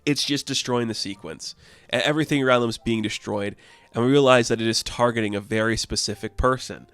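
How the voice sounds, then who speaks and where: A man's voice: mid-range voice, brisk, a bit bright, no room sound, soft background music. A man casually reviewing a new comic book, chatty and upbeat, laughing often and restarting small phrases.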